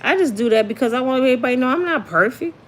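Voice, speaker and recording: A woman's voice: high-pitched, expressive, rapid-fire, fairly bright tone. Sassy chatty woman hosting a livestream. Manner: chatty, sassy, reads viewer comments aloud. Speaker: celebrity gossip livestream host. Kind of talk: casual livestream chat.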